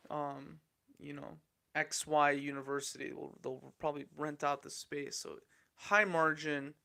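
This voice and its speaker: Gravelly, blunt, profane male podcaster. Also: on the high side, fairly bright tone. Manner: blunt, profane, opinionated, rambling with restarts. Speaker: podcast host. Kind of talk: casual solo podcast commentary.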